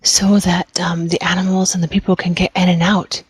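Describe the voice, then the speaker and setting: A woman's voice: on the low side, level tone, fairly quick, breathy edge, no echo. Hesitant woman player, dry sound. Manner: hesitant, rambling. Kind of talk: casual tabletop game chat.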